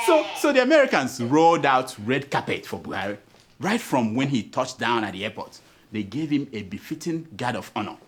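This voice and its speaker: A man's voice: mid-range voice, big pitch swings, normal speed, a little hiss or hum. A man with a Nigerian accent hosting a satirical news show, cracking jokes and laughing through his commentary.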